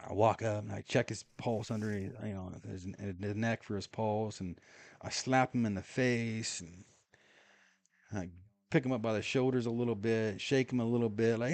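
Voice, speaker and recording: A man's voice: lowish voice, steady tone, moderate pace, a little mellow, dry recording. A man telling a long story in a casual, rambling way while playing a game, full of fillers and chuckles. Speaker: gaming streamer.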